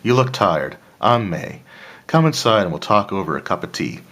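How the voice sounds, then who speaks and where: A man's voice: low-pitched, very animated, moderate pace, a bit bright, husky, heavily acted. A man voicing a kindly village landlady who talks in a homely, chatty way with a faint drawl. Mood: hospitable. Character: kindly village landlady, middle-aged woman.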